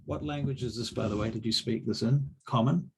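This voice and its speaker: Husky man running a tabletop game. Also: fairly low pitch. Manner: brisk, calls rolls and narrates the action. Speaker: game master.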